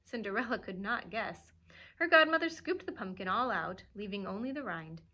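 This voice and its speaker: A woman librarian reading a storybook aloud to children, expressive and animated, pausing to chuckle at the pictures. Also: mid-range voice.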